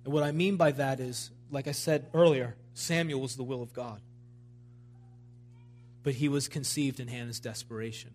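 A man's voice: medium pitch, steady tone, normal speed, a little mellow. A man preaching a sermon at a church service, in a fervent, emphatic style that builds in intensity.

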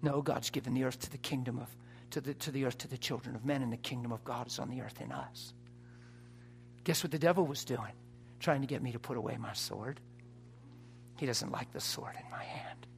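A man preaching an impassioned sermon, dropping to a hush and rising to shouts. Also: mid-range voice, brisk, creaky, a little hiss or hum. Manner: impassioned, swings from hushed to shouting.

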